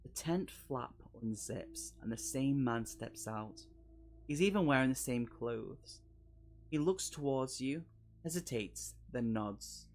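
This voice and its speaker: A man's voice: medium pitch, lively intonation, slow. A man on a live stream, reading a solo gamebook aloud and breaking off for jokey asides and laughs. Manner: chatty and jokey, laughing asides between read passages.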